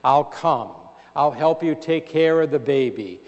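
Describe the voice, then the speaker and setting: A man's voice: fairly high pitch, normal speed, dull audio, lightly acted. A priest doing a soothing older woman. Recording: reverberant church hall.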